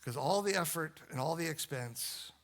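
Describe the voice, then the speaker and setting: A man's voice: on the high side, expressive, normal speed, a bit bright. A man preaching a sermon, repeating phrases and building emphasis as he goes. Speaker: pastor.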